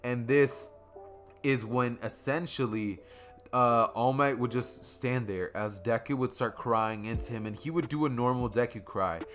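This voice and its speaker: A young man narrates a fan story in a casual, rambling way, often circling back over his phrasing. His voice sits in a middle male pitch. Faint music plays behind him. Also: unhurried, fairly bright tone.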